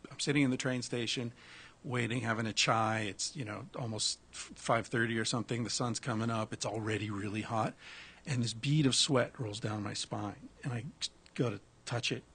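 Gravelly man telling a story. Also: mid-range voice, normal speed. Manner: animated, swears freely, restarts. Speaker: guest telling a travel story. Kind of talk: casual storytelling.

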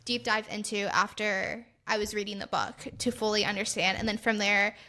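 A woman's voice: mid-range voice, steady tone, normal speed, pushed and bright. A young woman co-hosting a podcast, rambling along in casual chat. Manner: chatty, rambling, lots of "like". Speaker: podcast co-host.

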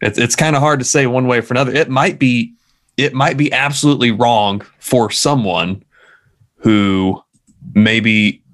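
A man co-hosting a podcast in casual chat, dropping dry, quick quips. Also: fairly low pitch, a bit bright. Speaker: podcast co-host.

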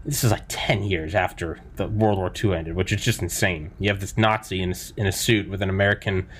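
A man hosting a podcast in casual chat, telling stories in a rambling, excitable way and swearing now and then. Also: low voice, fairly quick, a little hiss or hum. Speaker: podcast host.

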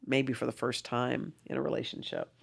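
Gravelly woman in her fifties. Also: very deep voice, fairly quick. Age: 50s. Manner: earnest, animated, acts out dialogue. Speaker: interview guest. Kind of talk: candid personal storytelling.

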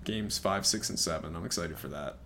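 A man's voice: deep voice, brisk, vocal fry, bright, forceful tone, a little hiss or hum. A man co-hosting a podcast, talking casually and hesitantly with many fillers. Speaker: podcast co-host. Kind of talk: casual sports chat.

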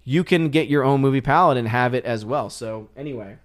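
A male host chatting on his live stream, rambling easily with plenty of fillers and restarts. His voice is smooth and resonant. It sits in a middling register and is recorded close and dry, with no room sound. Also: medium pitch, fairly quick, no room sound. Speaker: channel host. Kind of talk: casual live-stream chat.

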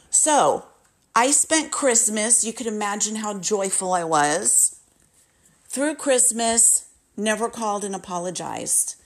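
A woman's voice: mid-range voice, expressive, takes it slowly. A woman in her late fifties telling a personal story in a candid, emotional way, often repeating herself. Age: 50s. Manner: candid, emotional, repetitive retelling.

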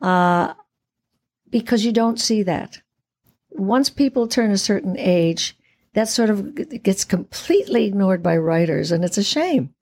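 Gravelly, husky woman in her eighties. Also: mid-range voice, expressive, a little slow, darkish tone. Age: 80s. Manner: theatrical, laughs often. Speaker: guest actress. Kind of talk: casual interview chat.

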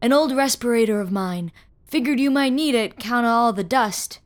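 A frail old man near the end of his life, gruff but kindly, as a woman reader puts him on. He talks in a folksy, worn-out way, with sighs and coughs between words, in a voice that sits rather high for a man. An audio horror story told by a single reader. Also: normal speed, lightly acted. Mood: weary. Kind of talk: audio fiction reading.

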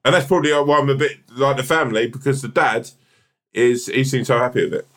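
A man's voice: mid-range voice, brisk, a bit bright. A man co-hosting a podcast in casual chat, rambling and swearing often with lots of restarts. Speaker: podcast co-host.

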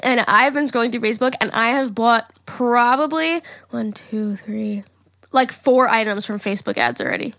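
A young woman co-hosts a casual podcast, rambling happily with plenty of "like" and quick giggles. Her voice sits a little high. The mic is close and dry, with no room sound at all. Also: expressive, fairly bright tone, no room sound. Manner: chatty, giggly, says like a lot. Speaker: podcast co-host. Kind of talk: casual chat.

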